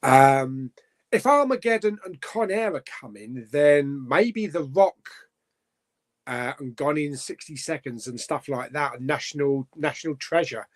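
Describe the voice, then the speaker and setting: A middle-aged man talks casually on a live stream. He sits a little high for a man's voice and his pitch swings a lot. He rambles with fillers and chuckles between comments. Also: animated, measured pace. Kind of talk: casual live chat reading viewer comments.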